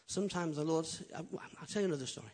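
A man preaching a sermon as pastor, swinging from loud, emphatic build-ups to quiet, intimate asides. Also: fairly high pitch, racing. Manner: animated preaching, rising loud then dropping quiet.

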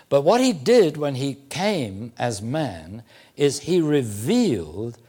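A man preaching a sermon, teaching slowly and deliberately with emphatic phrasing and occasional fillers. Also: mid-range voice, a little mellow. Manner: occasional throat clearing and "uh" fillers.

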